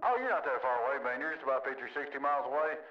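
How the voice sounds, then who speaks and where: A man's voice: mid-range voice, animated, racing, reverberant. A man from Tennessee, a CB radio operator who keeps repeating his call sign in friendly check-ins. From Tennessee, USA. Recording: distant, muffled CB radio with static.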